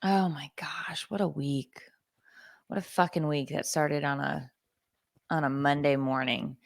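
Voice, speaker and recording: A woman's voice: deep voice, fairly even intonation, measured pace, creaky, no echo, studio quality. A woman in her thirties co-hosting a podcast, telling a story in a casual, profane and sarcastic way and acting out other people's lines. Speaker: podcast co-host.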